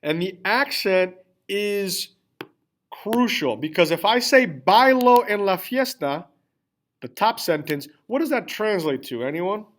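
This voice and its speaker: A man's voice: high voice, animated, unhurried, a bit bright. A man teaching a class, explaining grammar step by step, spelling out endings and checking in often with the students. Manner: repeats "all right?" and checks in with students. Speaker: Spanish teacher. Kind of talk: classroom lesson with screen typing.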